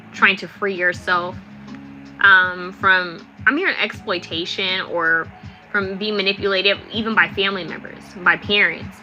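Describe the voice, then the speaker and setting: A woman's voice: mid-range voice, bright, forceful tone, poor audio. A young adult woman giving a chatty, rambling live tarot reading with lots of fillers. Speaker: tarot reader.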